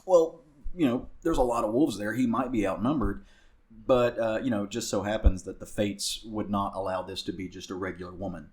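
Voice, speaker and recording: Recapping a comic book for his podcast, this Southern US co-host talks briskly in a lowish voice. The delivery is casual and meandering, with plenty of fillers and restarts.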